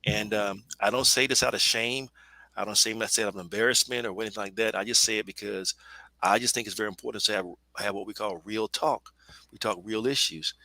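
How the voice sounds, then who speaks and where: A middle-aged man speaking on a webinar panel in an earnest, halting, emotional way. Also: on the low side, steady tone, pushed and bright, dry recording, low-quality recording. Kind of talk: personal testimony in a webinar.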